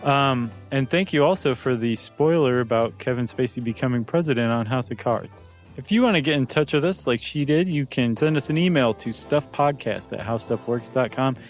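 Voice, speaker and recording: A man's voice: medium pitch, normal speed, hardly any pauses, faint music behind. A man co-hosting a podcast in casual chat, jokey and chatty with filler ums. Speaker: podcast co-host.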